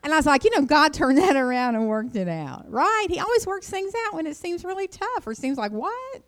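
A middle-aged woman giving an informal devotional talk, telling rambling personal stories and jumping high in pitch when she quotes herself. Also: very animated, brisk, fairly bright tone. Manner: chatty, rambling storyteller, jumps up high when quoting herself. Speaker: Christian speaker.

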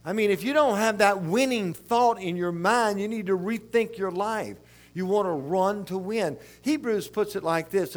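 Folksy older South Louisiana preacher. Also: male voice, high voice, normal speed. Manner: rambling, folksy, animated. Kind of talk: sermon with folksy storytelling.

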